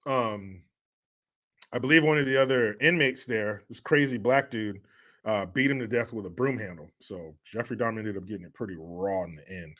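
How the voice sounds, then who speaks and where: A man hosting a livestream, reading viewer chat aloud and bantering in a loud, profane, joking way, often laughing and teasing rival fans. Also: fairly low pitch, normal speed. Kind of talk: casual chat.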